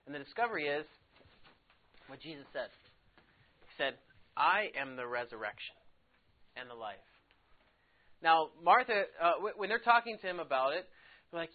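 A man's voice: on the high side, lively intonation, normal speed. A man leading a Bible study class, asking the group questions and explaining in a conversational, increasingly emphatic way. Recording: phone-like narrow sound.

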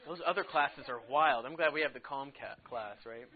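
A man teaching a casual Bible lesson to a class in a classroom, chatty and quick to laugh, saying "like" a lot. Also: medium pitch, a crowd in the background. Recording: tinny phone-like sound.

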